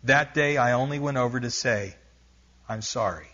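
A man's voice: mid-range voice, fairly even intonation, brisk, a bit bright, dull audio. A male preacher reading a missionary story aloud during a sermon, building intensity and stopping now and then to explain. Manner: reads aloud with rising intensity, stops to explain asides.

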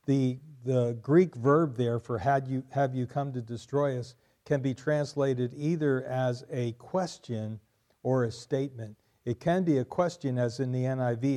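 Male pastor, mellow low-key tone, emphatic sermon delivery, repeats lines for stress. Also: measured pace.

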